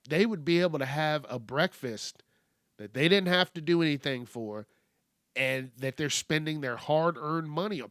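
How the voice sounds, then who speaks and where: Male solo host, blunt profane rant, unhurried delivery, dry close sound. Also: fairly high pitch, pushed and bright, smooth, no room sound. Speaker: podcast host. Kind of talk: solo ranting monologue.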